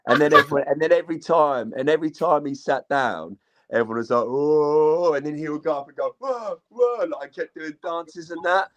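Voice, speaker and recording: A man's voice: fairly high pitch, brisk, fairly bright tone, dull audio. A young man, chatting casually about football on a panel. He rambles, swears a lot and drops plenty of slang.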